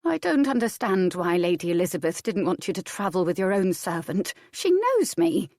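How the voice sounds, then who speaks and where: A woman's voice: mid-range voice, sing-song, moderate pace, darkish tone, dry recording, studio quality. A woman voicing a fussy, protective older female servant who grumbles and complains, in an audiobook. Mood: grumbling.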